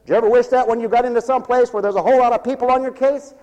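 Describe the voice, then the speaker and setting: Impassioned preacher with a very high voice. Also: male voice, fairly even intonation, rapid-fire, darkish tone. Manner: impassioned, calls to the congregation. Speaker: pastor. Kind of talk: sermon. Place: church sanctuary. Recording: long reverb of a large hall.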